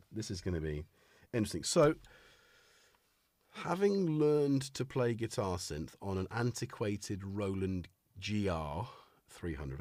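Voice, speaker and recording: A man's voice: deep voice, darkish tone, slightly rough, dry recording. A man hosting a casual live stream from his home studio, chatting and laughing to himself as he hunts for things. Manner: rambling, chuckling, talking to himself while searching for things. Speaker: livestream host. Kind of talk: casual live-stream chat while playing gear. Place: home studio full of gear. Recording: music playing behind the voice.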